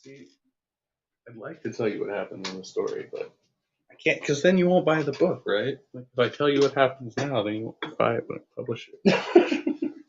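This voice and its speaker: A man's voice: mid-range voice, lively intonation, normal speed, slight background noise. A man reading his own first-person story aloud, then chatting casually and self-deprecatingly about his writing. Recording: lo-fi, dull sound.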